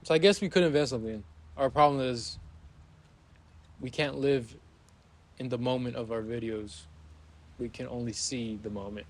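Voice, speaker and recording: A young man hosts a casual podcast conversation, his voice sitting at an ordinary middle pitch. He tells stories with animation, acting out the people in them, and his talk stays loose and conversational throughout. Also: moderate pace, long pauses, a little hiss or hum. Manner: animated storyteller who acts out scenes with loud shouts. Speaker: podcast host. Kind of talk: casual chat.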